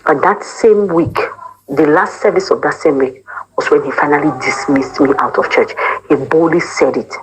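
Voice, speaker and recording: This former church choir member, a young woman from Cameroon, shares a heartfelt personal testimony, voicing the words of others and blending pidgin with English. Her low voice keeps a moderate pace, and the low-quality recording carries slight background noise.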